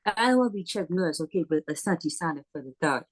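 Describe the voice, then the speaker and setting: A woman with a lower-pitched voice that swings up and down with lively expression chats and jokes at an online open mic. She comes through a video call microphone. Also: fast.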